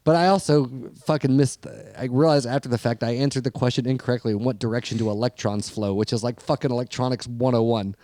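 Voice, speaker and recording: A man co-hosting a podcast in casual chat, telling stories with lots of swearing and animated rants. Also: mid-range voice, fast talker, hardly any pauses, no echo. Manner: profane, animated ranting storyteller. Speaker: podcast co-host.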